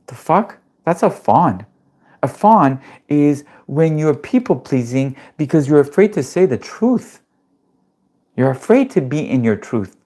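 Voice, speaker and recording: Man, nervous system coach, live-streamed class, blunt and emphatic, swears casually, quizzes the chat, warm mellow tone. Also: fairly high pitch, big pitch swings, measured pace. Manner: asks the audience questions.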